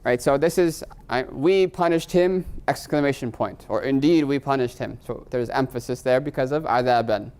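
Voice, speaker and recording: A middle-aged man teaching Arabic grammar in a live class, his voice smooth and resonant at an ordinary pitch. He explains patiently, keeps checking in with his students, and slips Arabic terms into his English. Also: fairly quick, hardly any pauses, a little mellow.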